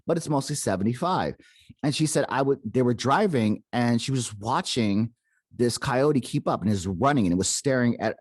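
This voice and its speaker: A man's voice: on the low side, no echo. A man hosting a paranormal podcast, casually retelling a secondhand encounter and quoting the people in it, with lots of "like" and "okay?". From Arizona. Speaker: podcast host. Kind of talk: casual storytelling.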